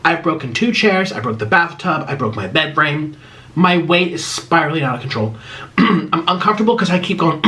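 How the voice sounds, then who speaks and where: Guy vlogging while he eats, answering fan questions, kinda high voice, swings up and down a lot, rambly and emotional. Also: animated, normal speed, bright, forceful tone. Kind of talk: casual rambling chat while eating.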